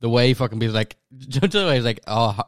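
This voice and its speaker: A man's voice: medium pitch, little pitch movement, no echo, studio quality. A man with a Northern Irish accent co-hosting a podcast in casual chat, blunt and swearing freely. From Northern Ireland. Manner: blunt, heavy swearing, quick laughs. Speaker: podcast co-host.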